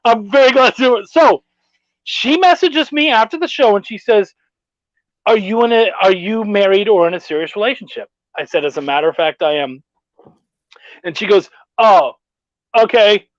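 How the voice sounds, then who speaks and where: A man's voice: high-pitched, moderate pace, dry recording. A man hosting a casual podcast, telling stories with plenty of swearing and reading out viewer comments. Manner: profane, storytelling, laid-back. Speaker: podcast host. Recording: dull dry lo-fi sound.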